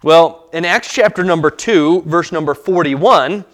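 Man, 30s, pastor, sermon, halting delivery, lots of fillers, slightly high voice. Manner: halting, many fillers and restarts.

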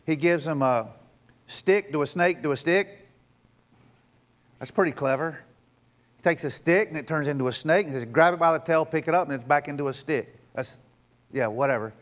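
Guy preaching sunday sermon, chatty, talks kinda high, drops low doing god's voice. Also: normal speed, pauses often, a bit bright. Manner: conversational, acts out dialogue with God in a lower voice. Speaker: pastor.

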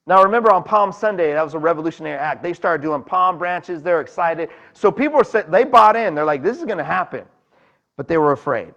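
A man's voice: high voice, fairly bright tone, lo-fi sound. A man preaching a sermon in a conversational way, talking to the congregation and acting out voices from the story. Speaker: pastor.

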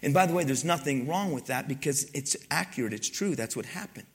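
An older man preaching a sermon, telling stories with asides to his congregation and swinging from loud exclamations to hushed, near-whispered moments. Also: mid-range voice, lively intonation, fairly quick, slightly rough. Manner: storytelling, conversational asides to the congregation. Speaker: pastor.

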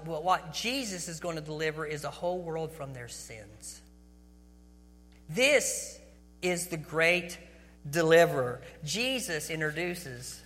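High, bright-voiced preacher in a reverberant hall. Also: male voice. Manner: conversational preaching with frequent restarts. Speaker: pastor. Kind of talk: sermon.

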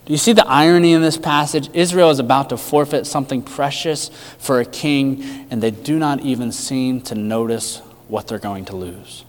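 A man preaching a sermon with emphatic rhetorical questions, his delivery swinging between loud and hushed. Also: mid-range voice, moderate pace, hardly any pauses, big-room sound. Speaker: pastor.

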